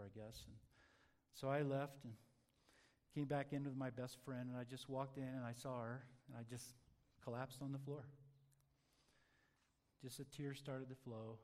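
A man telling a personal testimony in an earnest, halting way, dropping soft and low at times. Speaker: testimony speaker.

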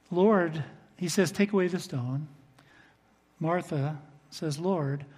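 An older man delivers a sermon in a church, his voice somewhat high and husky. He leans hard into emphatic phrases, then falls back to soft, low remarks. The long reverb of the large hall trails after every word. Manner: earnest, swings between loud emphasis and soft low asides. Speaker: pastor. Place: church sanctuary.

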